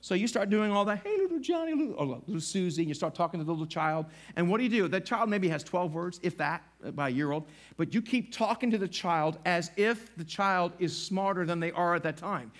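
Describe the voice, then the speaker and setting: Middle-aged guy preaching in church, high voice, lively, does little voices. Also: a little fast. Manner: animated, acts out little voices. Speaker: pastor. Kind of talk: sermon. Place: church sanctuary.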